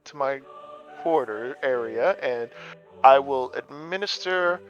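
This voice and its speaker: A man voicing a gracious, quietly sinister elf princess who speaks softly and politely in a tabletop game. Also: mid-range voice, lively intonation, slow. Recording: dull lo-fi audio, faint music.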